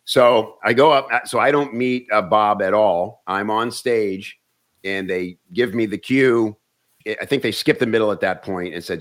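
A comedian and actor telling stories in casual chat, animated and often restarting words. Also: male voice, lowish voice, unhurried.

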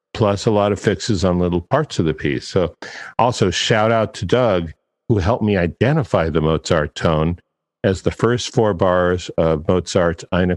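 A man's voice: deep voice, in a large hall. A man hosting a podcast, talking casually in a chatty, digressive and self-deprecating way. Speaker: podcast host.

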